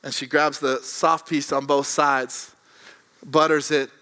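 A young adult man, a pastor telling a funny personal story and preaching with animated, self-mocking energy. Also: fairly high pitch, takes it slowly, clean tone.

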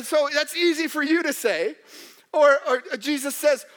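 A young man preaching a sermon in a church hall, joking and animated, putting on mock voices of doubters. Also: extremely high pitch, unhurried. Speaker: pastor.

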